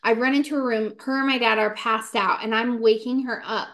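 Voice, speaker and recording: A young woman in her twenties telling a ghost story in casual podcast chat, animated and full of "like" fillers. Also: a little high. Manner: animated, fast, many "like" fillers, acts out quotes. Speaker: podcast co-host.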